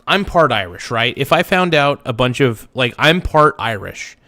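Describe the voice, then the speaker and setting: A man in the middle of a livestream rant, blunt and emphatic, who keeps circling back to the same point. His voice sits at an ordinary middle pitch. The sound is close and dry, with no room echo. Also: sing-song, normal speed, sharp tone. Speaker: livestream reaction host. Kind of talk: ranting reaction commentary.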